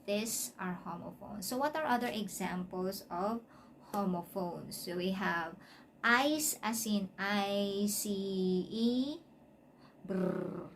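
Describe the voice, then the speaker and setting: A woman's voice: mid-range voice, slow pace, a little hiss or hum. A woman teaching an English lesson, spelling out words letter by letter and often checking in with "okay?". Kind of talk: explanatory lesson.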